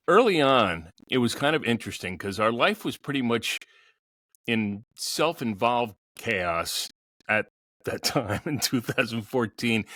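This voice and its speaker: A man's voice: lowish voice, sharp tone, no echo, studio quality. A middle-aged man, a podcast guest, telling a personal story in a candid, wry way.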